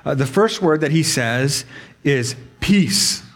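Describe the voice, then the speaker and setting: A man's voice: fairly high pitch, expressive. A man preaching a sermon to a congregation in a conversational way, asking them questions and changing his pace for emphasis. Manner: conversational, asks the audience questions; varied pace, speeds up and slows for emphasis. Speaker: pastor.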